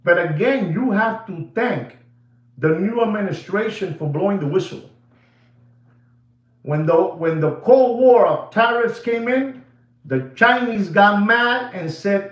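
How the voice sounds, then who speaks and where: Emphatic high-voiced man ranting in an echoey room. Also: animated, measured pace. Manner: emphatic, repetitive, switches into Spanish phrases. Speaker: watch seller livestream host. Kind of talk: animated livestream rant.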